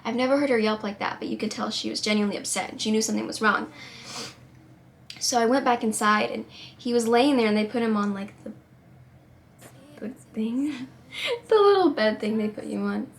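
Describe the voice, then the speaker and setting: A woman tells a painful personal story to camera, tearful and on the edge of crying, in halting, rambling sentences full of restarts. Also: on the high side, a little hiss or hum. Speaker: singer-songwriter vlogger.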